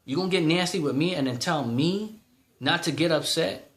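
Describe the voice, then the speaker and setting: A man's voice: a little high, normal speed, echoey room. A man in his thirties ranting in a vlog, heated and exasperated, repeating himself. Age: 30s. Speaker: vlogger.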